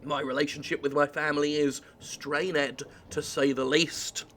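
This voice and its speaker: A man's voice: on the high side, flat delivery, measured pace, fairly bright tone, slight background noise. A man reading as a smug scheming heir. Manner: dry reading with a slight sinister air.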